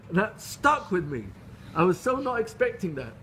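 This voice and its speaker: A middle-aged rabbi giving a Torah lecture, telling stories in an earnest, animated way with frequent restarts. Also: male voice, high voice, moderate pace, slight background noise. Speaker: rabbi teaching a class.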